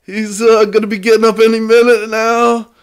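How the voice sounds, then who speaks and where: A man mimicking gushing sports announcers in a high, overexcited voice while telling a story on a podcast. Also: level tone, normal speed, smooth. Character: excitable male sports announcers cheering on a fighter.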